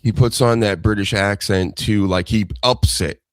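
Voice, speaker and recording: A man co-hosting a podcast, chatting casually in an animated, rambling way and laughing easily. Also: lowish voice, normal speed, no echo. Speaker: podcast co-host. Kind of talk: casual chat.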